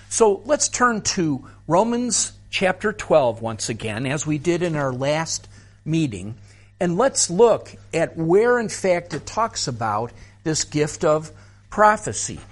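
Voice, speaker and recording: A man teaching a seminary course on spiritual gifts, explaining terms patiently in a slow, measured way. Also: fairly high pitch. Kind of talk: Bible teaching lecture.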